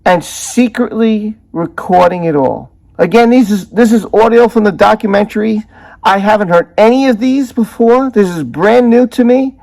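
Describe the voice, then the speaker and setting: Indignant man with a high, gravelly voice. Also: moderate pace, a little mellow. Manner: indignant, emphatic, repeats strong words. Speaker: commentary channel host. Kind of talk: opinionated video commentary.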